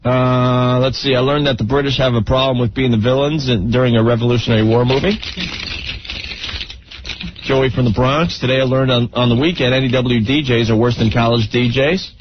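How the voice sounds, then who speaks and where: A man's voice: mid-range voice, fairly even intonation, a little fast, background noise. A man hosting a radio show, bantering loosely and reading out listener messages. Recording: dull lo-fi radio broadcast recording.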